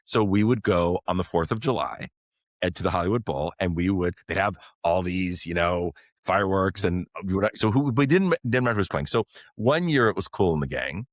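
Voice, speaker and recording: A middle-aged man, a podcast guest, telling a personal story in an earnest, halting way with many fillers and restarts. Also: low-pitched, lively intonation, dry recording.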